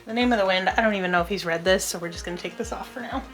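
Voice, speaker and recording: A woman's voice: medium pitch, rapid-fire. Chatty woman over background music. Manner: chatty, scattered, laughs often. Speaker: book vlogger. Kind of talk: casual chat while organizing. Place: home room with bookshelves. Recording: music playing underneath.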